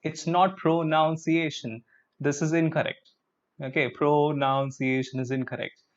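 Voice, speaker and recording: With a voice on the high side and a moderate pace, a man with an Indian English accent gives a live lesson on English pronunciation. He divides words into syllables, leads the class in repeating each, and sprinkles in Hindi such as "chalo." The recording is dull and lo-fi.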